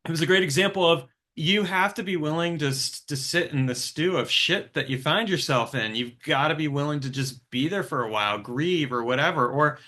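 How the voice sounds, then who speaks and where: A man's voice: fairly high pitch, brisk, few pauses, sharp tone. A man hosting an interview podcast, talking candidly and reflectively about his own experiences, with casual swearing. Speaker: podcast host. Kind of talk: conversational interview.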